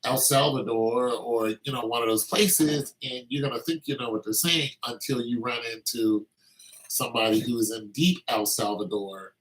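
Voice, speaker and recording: Bright-voiced man rambling casually. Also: medium pitch, moderate pace, slight background noise, poor audio. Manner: meandering, anecdotal, lots of fillers.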